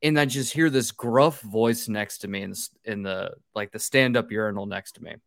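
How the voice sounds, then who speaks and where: A man's voice: fairly low pitch, a little fast, creaky, no room sound, studio quality. A man hosting an interview podcast, telling stories in a loose, chatty way with easy swearing and laughter. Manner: animated storyteller, swears and laughs freely. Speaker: podcast host. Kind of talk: casual interview chat.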